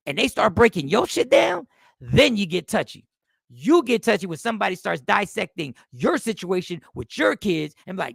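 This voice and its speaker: A man's voice: high voice, sing-song, moderate pace, vocal fry, fairly bright tone, no echo, clean studio sound. A man hosting a casual livestream, talking animatedly to viewers and greeting them by name, repeating himself often. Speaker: livestream host.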